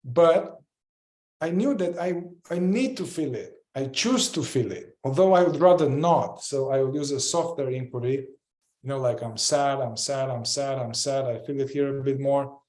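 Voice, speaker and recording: A man's voice: mid-range voice, moderate pace, darkish tone, roomy sound. A man teaching a group in a casual, reflective way, often repeating short phrases as he demonstrates a practice. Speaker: group facilitator.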